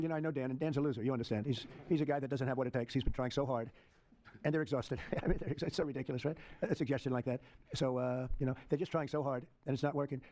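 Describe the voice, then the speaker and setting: Older man, press conference, rambling, repetitive, dismissive, rapid, somewhat high-pitched. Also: darkish tone. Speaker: president answering press questions.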